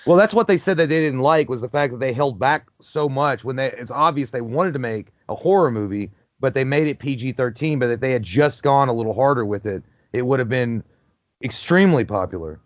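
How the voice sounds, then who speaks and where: A man's voice: medium pitch, expressive, fairly quick, no echo. A man talks through a movie in a loose, profane, joking way, riffing on what is on screen. His voice sits in the middle range. The recording is dry and a little dull, as if made on a basic home mic. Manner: profane, joking, riffs on the film. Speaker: movie commentary host. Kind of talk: casual movie commentary.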